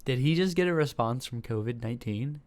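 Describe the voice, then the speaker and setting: A man's voice: mid-range voice, expressive, brisk. Chatty man reacting over music. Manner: chatty, emotional, talks to viewers. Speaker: reaction video host. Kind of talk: casual reaction commentary. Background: music from the video he is watching.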